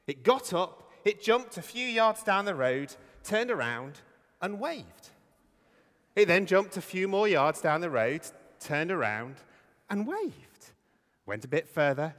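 Vicar preaching with animated pitch. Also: male voice, measured pace. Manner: conversational, hesitant with fillers. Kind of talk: Easter sermon. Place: church. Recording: long church reverb.

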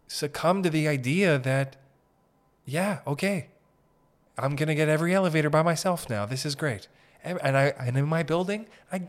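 A man from Northern Ontario hosting a podcast, telling profane, rambling comic stories. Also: on the high side. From Northern Ontario, Canada. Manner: profane, rambling, animated anecdotes. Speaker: podcast host. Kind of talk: comedic storytelling chat.

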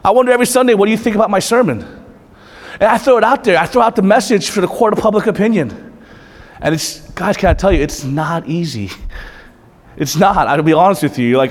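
A pastor giving a conversational sermon, moving between lively asides and quiet, intense passages. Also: male voice, fairly high pitch. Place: church hall. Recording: long reverb of a hall.

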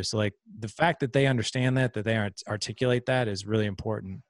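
A middle-aged man hosting a podcast. His voice sits a bit low and he talks earnestly. He works through ideas with everyday examples, and the sound is close and dry. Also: quick pace, few pauses, no echo. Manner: earnest, explains with examples and acted-out quotes. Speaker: podcast host. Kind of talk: casual conversation.

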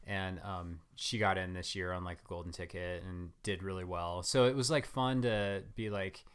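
Low-voiced man, rambling story. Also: moderate pace, smooth. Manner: rambling, many fillers like "like"; animated storyteller. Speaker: guest runner. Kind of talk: casual interview chat.

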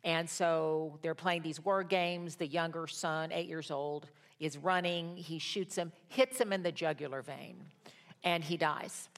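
An older woman teaching a Bible study in a sermon style, telling stories that move from hushed to rousing. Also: low voice, steady tone, measured pace. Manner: storytelling, swings from hushed to rousing.

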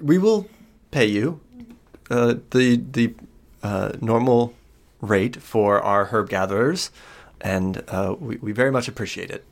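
A man's voice: medium pitch, animated, a little slow. A man voicing a courteous old village healer woman. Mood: grateful. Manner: polite, hesitant requests.

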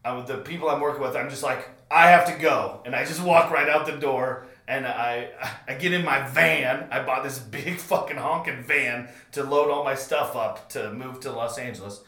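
A man's voice: medium pitch, fairly even intonation, moderate pace, sharp tone, reverberant. A man hosting a podcast, telling a comedic story with lots of swearing, and his retelling grows frantic. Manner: profane, builds to frantic retelling.

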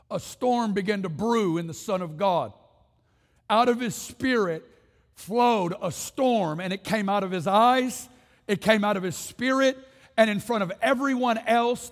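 In a church sanctuary full of long, lingering reverb, a man with a high voice preaches an impassioned sermon. He builds repetitive rhetorical climaxes, stacking one phrase on another, and calls on the congregation to respond.

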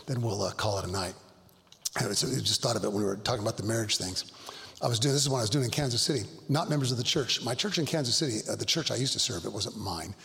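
A middle-aged male pastor telling stories in a Bible study, earnest and halting, with frequent restarts. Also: lowish voice, vocal fry, a bit bright. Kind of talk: Bible study talk, storytelling. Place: church hall. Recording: long hall reverb.

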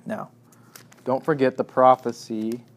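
A man's voice: mid-range voice, flat delivery, measured pace, creaky. A man preaching a sermon, reading scripture and acting out the quoted speech with rising emphasis and sarcasm.

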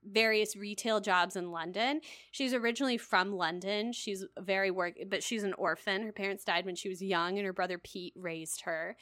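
A woman's voice: medium pitch, no echo, clean studio sound. A woman co-hosting a podcast, chatting casually and wryly with lots of fillers. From United States. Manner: animated, wry, many fillers like "like". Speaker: podcast co-host. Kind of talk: casual chat.

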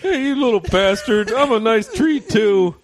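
A sulky, unwanted Christmas tree played by a man whines in a raised, lively voice. It turns spiteful and hurls curses at the shoppers who pass it by. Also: a little high, a little slow, voice pushed up. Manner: whiny then cursing.

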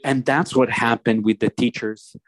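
A man preaching a sermon, slow and deliberate, often restarting his phrases as he explains a passage. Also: medium pitch, fairly even intonation, no room sound, low-quality recording.

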